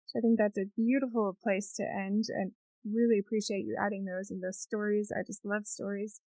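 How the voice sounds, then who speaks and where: A woman's voice: mid-range voice, little pitch movement, fairly quick, a little mellow, no room sound, poor audio. A woman hosting a podcast, reflecting on the talk and wrapping up the episode with sign-off notes. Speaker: podcast host. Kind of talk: podcast interview and outro.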